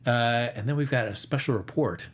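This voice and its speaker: The man hosting this easygoing box office talk speaks in a mid-range voice at a moderate pace. He wanders through the figures, joking often and filling gaps with lots of verbal fillers.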